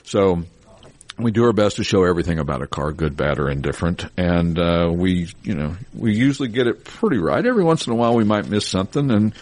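A middle-aged man hosting a casual podcast, chatty and quick to laugh as he rattles off sales figures. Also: low voice, sing-song, darkish tone. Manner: chatty, laughs easily, reels off numbers. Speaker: podcast host, car dealership spokesman.

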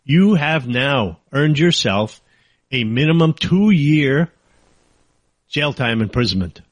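A man's voice: mid-range voice, lively intonation, slow pace, no room sound, highs cut off. A man hosting a political talk show, ranting angrily and sarcastically in a monologue. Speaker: talk radio host.

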